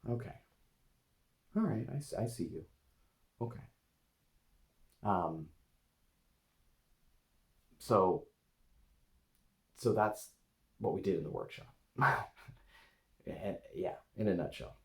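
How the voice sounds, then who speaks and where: A man demonstrating a guided meditation to camera, talking gently and hesitantly with many pauses as he speaks to an inner part with his eyes closed. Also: fairly low pitch, animated, creaky. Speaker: eating coach and video host.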